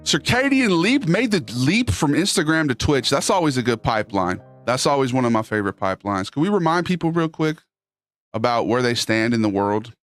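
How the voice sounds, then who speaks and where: A man chatting loosely on his live stream, reading the chat and jumping into quick silly voices. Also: mid-range voice, lively intonation, faint music behind.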